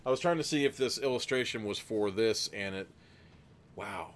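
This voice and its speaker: A man's voice: on the low side, moderate pace, a little hiss or hum. A man hosting a livestream, reading a gamebook aloud casually, rambling and laughing between passages. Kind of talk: livestream gamebook narration with chat votes.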